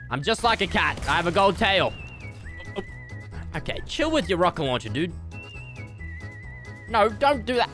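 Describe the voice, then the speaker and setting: Young guy, gameplay commentary, lively bouncing pitch, bright tone, faint music behind. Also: moderate pace, pauses often. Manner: excitable and jokey, with sudden yelps. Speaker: gaming YouTuber.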